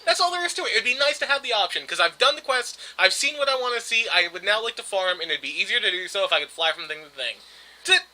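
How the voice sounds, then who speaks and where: Lively, bright-voiced man pressing his point. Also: high voice, quick pace. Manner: exasperated, insistent, repeats his point. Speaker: podcast co-host. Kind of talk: casual argumentative podcast chat.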